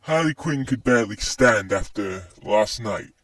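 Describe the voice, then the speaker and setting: Slow-reading man, distant dry mic. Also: fairly low pitch, lively intonation, a bit bright, dry recording. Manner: plain, unhurried, repeated "just says". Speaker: narrator. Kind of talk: reading a fan story aloud.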